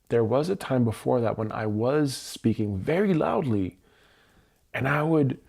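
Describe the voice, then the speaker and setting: Male livestream host with a mellow, gravelly voice, reflective and open. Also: medium pitch. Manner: slow, candid, searching self-reflection. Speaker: EFT tapping livestream host. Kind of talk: personal reflective livestream talk. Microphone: livestream mic.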